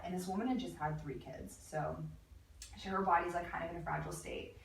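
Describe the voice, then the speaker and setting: Animated woman in an echoey room. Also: fairly low pitch, fast talker. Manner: animated storyteller, laughs often. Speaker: guest, lingerie designer. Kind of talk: casual chat. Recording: echoey room, mic at a distance, faint noise.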